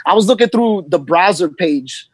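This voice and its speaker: A man's voice: sits high, lively intonation, moderate pace, no room sound. A man with a New York accent, a DJ chatting casually on a podcast, rambling with lots of ums. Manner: rambling, many ums and you-knows. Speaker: guest DJ.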